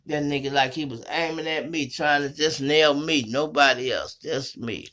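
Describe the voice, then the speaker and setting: Bright-voiced man telling street stories. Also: fairly high pitch, moderate pace, few pauses, slight background noise. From Chicago. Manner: profane, slangy, animated retelling. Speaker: host. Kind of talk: casual storytelling monologue. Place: small home studio.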